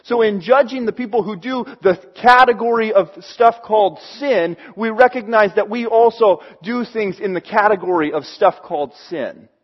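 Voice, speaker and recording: A man's voice: sits high, moderate pace, few pauses, dull audio. A man preaching a sermon in a conversational way, acting out the voices he quotes. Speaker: pastor.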